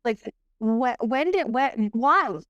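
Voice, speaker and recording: A middle-aged woman, a podcast guest, telling a personal story in an animated, rambling way, full of restarts and fillers. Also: a little high, slow pace, dry recording, dull audio.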